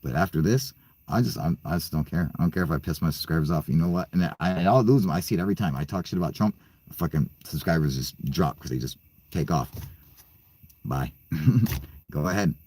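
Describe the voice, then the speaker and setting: A man's voice: extremely low pitch, fairly quick, darkish tone, breathy edge. A young man hosting his own channel, ranting profanely in a rambling, stammering way and laughing between points. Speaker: channel host. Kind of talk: ranting casual monologue.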